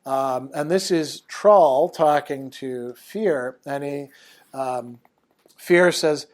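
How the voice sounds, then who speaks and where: A man's voice: on the high side, extremely slow. A man giving an online lecture, thinking aloud with frequent fillers.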